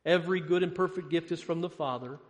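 High-voiced preacher in a reverberant hall. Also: male voice, fast talker. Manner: asks rhetorical questions, swings between loud emphasis and hushed lows. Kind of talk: sermon.

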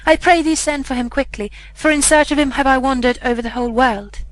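A woman's voice: sits high, brisk, lightly acted, poor audio. A woman reading the part of a ragged, grieving beggar mother who pleads in a tearful way. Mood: urgent.

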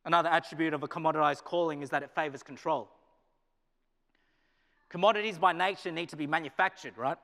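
An Australian man delivers a sermon in a chapel, his slightly high voice carrying a long reverb around the hall. He swings between loud, emphatic points and quiet, low asides. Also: quick pace, pauses often. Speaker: pastor and business teacher.

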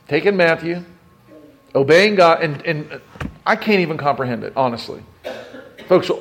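High-voiced man preaching a sermon. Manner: conversational preaching, rhetorical questions, repeated restarts. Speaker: pastor.

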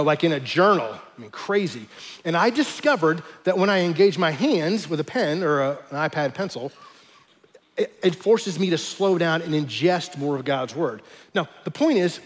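Man preaching, light high voice, casual teaching tone that slows to hammer key words, long hall reverb. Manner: conversational teaching with emphatic slowed stresses. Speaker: pastor. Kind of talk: sermon.

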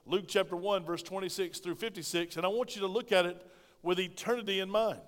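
A man preaching a sermon as pastor in a church, throwing in call-and-response asides and swinging between loud bursts and quiet remarks. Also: sits high. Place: church sanctuary. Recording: long reverb of a large hall.

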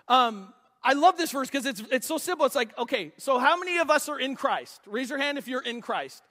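High-pitched guy preaching, animated, stumbles and jokes, big echoey church. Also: brisk, few pauses. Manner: animated, restarts, jokes with congregation. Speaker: pastor. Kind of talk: sermon. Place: church sanctuary. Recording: long church hall reverb.

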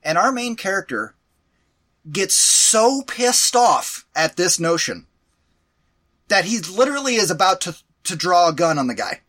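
Man, podcast co-host, bright and slightly high voice, animated and exasperated, casual swearing. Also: measured pace. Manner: animated, exasperated storytelling with profanity. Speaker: podcast co-host reviewing a movie. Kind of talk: casual chat.

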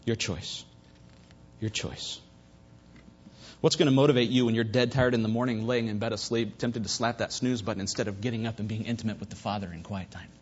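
A man preaching a sermon at a church service, fervent, swinging between loud emphasis and hushed asides. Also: fairly low pitch, steady tone, fast talker, hardly any pauses, husky. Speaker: pastor. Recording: dull lo-fi recording.

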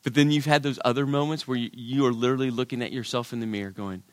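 A middle-aged man preaches with real dynamics, rising to loud, emphatic points and then falling to near hushes. His voice sits at an ordinary male pitch. The sound is dry and close, with no room echo. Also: fairly even intonation, quick pace, few pauses. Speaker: pastor. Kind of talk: sermon.

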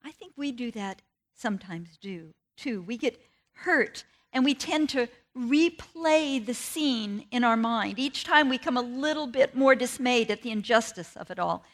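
Unhurried and earnest, a woman delivers a sermon built around a personal story from her family life, her voice rising and falling with lively pitch swings.

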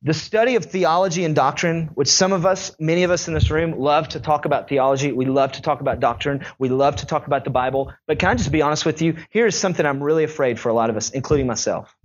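Young guy pastor preaching, talky and animated, highish voice, kinda dull audio. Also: fast, hardly any pauses. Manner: conversational, animated storytelling. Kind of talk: sermon.

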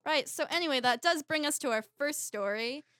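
A woman from the United States co-hosting a casual comedy show, reading news with deadpan jokes. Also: high voice, brisk, dry recording, clean studio sound.

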